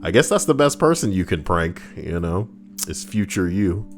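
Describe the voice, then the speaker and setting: A man hosts a comedic reading, dropping sarcastic, rambling asides between story lines. His voice sits deep and low, with faint guitar music behind him. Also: big pitch swings, moderate pace. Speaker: host reading and reacting to online stories.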